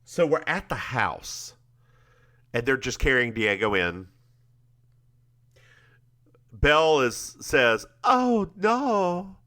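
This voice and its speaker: A man co-hosts a casual podcast recap, his voice bright and forward. He tells the story animatedly, with pitch swinging widely as he slips into characters' lines. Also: lively intonation, slow pace, long pauses. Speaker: podcast co-host.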